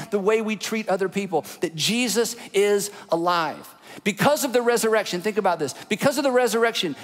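A man preaching a sermon as pastor, telling the story with hushed, dramatic drops to a near whisper. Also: high-pitched. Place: church auditorium. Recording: large hall with long reverb.

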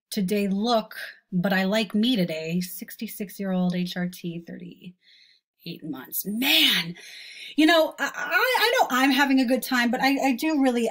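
A woman's voice: mid-range voice, fairly bright tone. A woman hosting a comedy show, giving a snarky, rambling commentary with frequent stammering restarts. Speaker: host. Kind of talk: mocking commentary on selfies.

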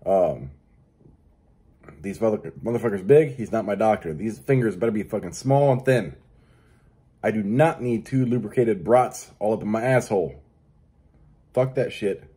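Low husky man, crude and joking. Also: normal speed, pauses often, dark tone. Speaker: podcast host. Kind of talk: casual solo monologue.

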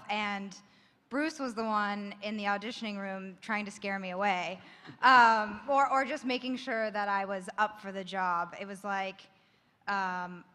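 A woman on a convention panel, telling a story in a soft-spoken way with hesitant fillers. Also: medium pitch. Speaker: actress, panelist. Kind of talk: casual anecdote on a panel. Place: large convention hall, live panel. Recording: echoey hall, heard from a distance.

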